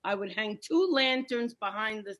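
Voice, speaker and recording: A woman's voice: a little high, lively intonation, moderate pace, a bit bright. A middle-aged woman doing a brash, punchy stand-up comedy set from home on a video call. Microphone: computer mic on a video call. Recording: noisy video call audio.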